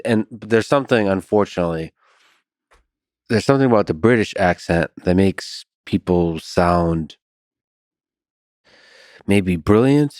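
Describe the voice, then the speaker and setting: Deep-voiced male podcast host, dry. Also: animated, a little slow, pauses often, darkish tone, no room sound. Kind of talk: casual conversation.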